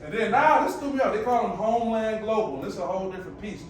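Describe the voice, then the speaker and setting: Man, 40s, speaker at a conference, animated and chatty, slightly high voice, heard from afar in a roomy hall. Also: quick pace, a crowd in the background. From United States. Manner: animated, conversational, quotes people in voices. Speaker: sport psychology speaker. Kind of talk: conference presentation. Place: large presentation room. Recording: echoey room, mic at a distance.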